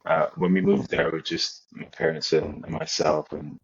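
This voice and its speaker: Young adult male guest, very deep voice, easygoing anecdotes, muffled lo-fi recording. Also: moderate pace, vocal fry, breathy edge. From Nigeria. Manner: relaxed storytelling with many restarts. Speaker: guest, American football player. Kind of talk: casual interview chat.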